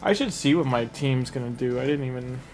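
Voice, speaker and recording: A man's voice: medium pitch, a little fast, darkish tone, faint music behind. Chatty man streaming a game. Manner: chatty, rambling, talks to chat, laughs easily. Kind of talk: casual live-stream commentary while playing.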